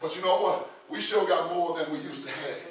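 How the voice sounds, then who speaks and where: A middle-aged male pastor preaching a sermon, repeating words in stammering restarts and building to shouted peaks. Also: fairly high pitch, a little fast. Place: church sanctuary with congregation. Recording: very echoey church from far off, congregation audible.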